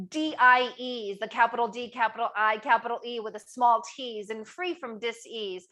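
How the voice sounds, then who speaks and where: A woman's voice: on the high side, fairly bright tone. A middle-aged woman hosting a live online cooking demo, upbeat and chatty, asking viewers to type answers in the chat. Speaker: cooking class host.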